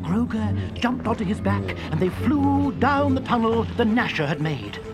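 A narrator reading a children's storybook aloud in a slow, expressive way. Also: medium pitch, loud music behind the voice.

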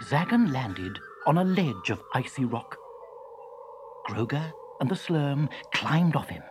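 Children's story reader, unhurried, very lively pitch, music bed underneath. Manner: slow, expressive, animated. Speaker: narrator.

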